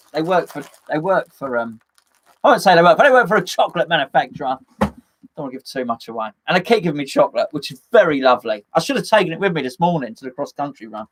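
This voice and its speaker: A man's voice: on the high side, fairly bright tone, a little hiss or hum. Chatty man hosting a fan stream. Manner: rambling, jokey, chatty with many fillers and restarts. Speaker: host of a fan live chat. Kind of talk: casual live-stream chat reading comments.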